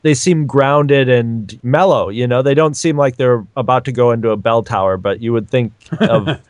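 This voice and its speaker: A man's voice: medium pitch, normal speed, no echo. A man co-hosting a podcast in casual chat, making easygoing, laid-back remarks. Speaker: podcast co-host.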